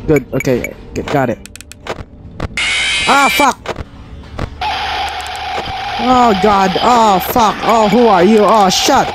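A man's voice: sits high, animated, unhurried, hardly any pauses. A man commentating his horror game run, frantic, panicky and swearing constantly. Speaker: gameplay streamer. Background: game music.

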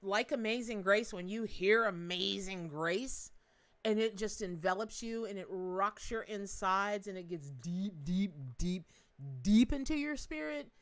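A woman's voice: medium pitch, unhurried. A middle-aged woman hosting a live tarot reading, talking in a bubbly, chatty way with frequent laughs and folksy asides.

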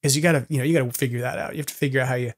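A man's voice: mid-range voice, fairly even intonation, very fast. A man hosting a casual podcast chat, rambling and self-deprecating, often laughing between thoughts. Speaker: podcast host.

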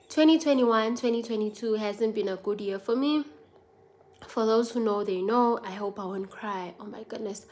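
A South African woman vlogger speaks to her viewers in an earnest, confiding personal vlog, mixing languages as she goes. Her voice is mid-range with a darkish tone.

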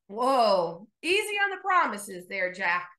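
A woman voicing God as a calm, patient, gently amused presence in a storytelling sermon. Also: mid-range voice, roomy sound, heavily acted. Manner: calm, reassuring, unhurried.

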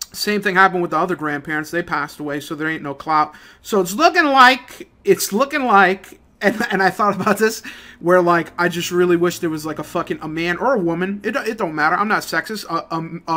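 A young man ranting in a casual, profane, rambling way, swinging between low mutters and loud outbursts. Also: moderate pace. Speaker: gaming channel host. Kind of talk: casual rant over gameplay.

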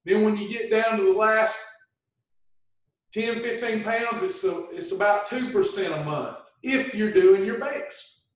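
A man coaching on weight loss in a folksy, animated livestream talk, acting out people's complaints. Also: high voice, measured pace, heavy reverb, far from the mic, poor audio.

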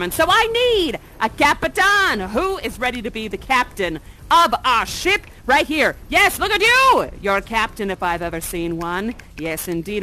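Bubbly high-voiced woman, playfully dramatic. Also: sharp tone, low-quality recording. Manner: playful, silly, theatrically dramatic. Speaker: immersive theatre actor. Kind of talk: interactive audience-guiding performance.

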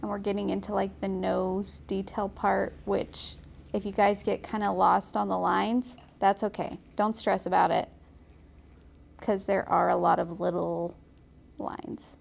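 A young woman giving a casual, chatty watercolor painting tutorial, encouraging and quick to laugh. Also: mid-range voice, little pitch movement, creaky. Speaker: watercolor instructor.

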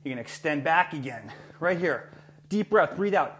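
Upbeat male fitness trainer, slightly high voice, a bit breathless while demonstrating moves; echoey room, faint hum. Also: normal speed. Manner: energetic coaching, talks while exercising. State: breathing heavily. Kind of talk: exercise demonstration.

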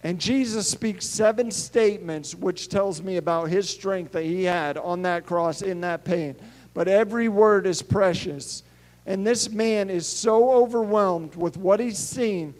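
A middle-aged male pastor preaching a sermon, telling stories and swinging between hushed and emphatic delivery. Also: high-pitched.

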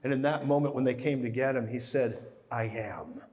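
A man preaching a live sermon who tells the story with animation, swinging from hushed to booming. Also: fairly even intonation, fast. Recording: reverberant hall.

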